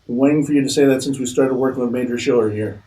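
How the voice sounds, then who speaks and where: A tough male soldier in a storybook reading, sardonic and streetwise, tossing off his lines with a dry edge. A man does him in a mellow, dark tone. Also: medium pitch, steady tone, fast talker, far from the mic, lightly acted, rough recording. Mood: wry.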